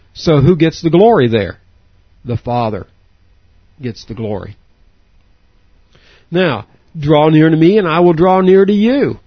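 A man preaching a sermon in an animated way, rising in pitch to stress his points. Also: breathy edge, no echo, lo-fi sound. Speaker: pastor.

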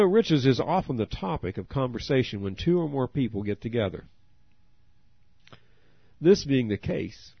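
A man's voice: medium pitch, creaky, slightly rough, no room sound. A man preaching a sermon, earnest, asking his listeners direct questions. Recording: dry, dull lo-fi audio.

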